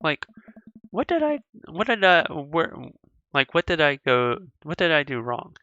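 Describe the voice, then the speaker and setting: This is a hurt teenage girl from a video game, dejected and quick with sarcasm, read out by a woman. The voice is bright and a bit tense, close and dry with no room around it. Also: low-pitched, very animated, no echo, dull audio, full character voice. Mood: upset.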